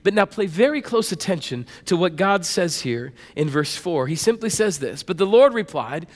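Male pastor, 30s, high pitched, lively storyteller, reverberant hall. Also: normal speed. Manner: conversational, animated storytelling with repetitions. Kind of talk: sermon.

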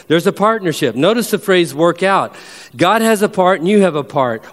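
A man preaching a sermon as pastor, emphatic, and slowing down whenever he reads a verse aloud. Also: on the high side, big-room sound. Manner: emphatic preacher who slows down to read verses.

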